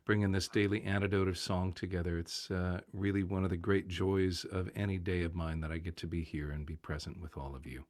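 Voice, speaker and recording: A man's voice: deep voice, little pitch movement. A male folk singer talking earnestly over a video call in his morning voice. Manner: earnest, unhurried. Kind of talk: casual chat.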